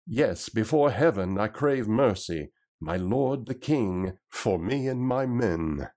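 Bold, hearty outlaw leader, read by a man, low voice, unhurried emphatic delivery. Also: lively intonation, a little mellow. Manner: raised, emphatic old-style speech.

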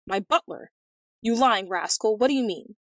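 A woman's voice: mid-range voice, quick pace, no echo, close to an everyday voice. A woman doing a hot-tempered blustering king. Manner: loud, huffy outbursts.

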